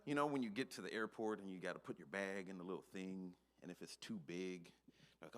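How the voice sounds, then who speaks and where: A man's voice: low-pitched, brisk, fairly bright tone. A man preaching a short sermon in a conversational, earnest manner, peppered with "you know". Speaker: speaker, preacher.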